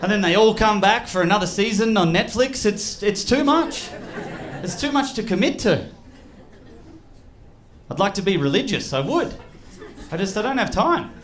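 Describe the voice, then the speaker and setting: High-voiced Australian stand-up comic. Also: male voice, normal speed, pauses often. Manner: animated, slips into loud put-on voices for bits. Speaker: stand-up comedian. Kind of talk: live stand-up comedy. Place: comedy club stage. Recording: live club mic, loud crowd laughter. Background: audience laughing.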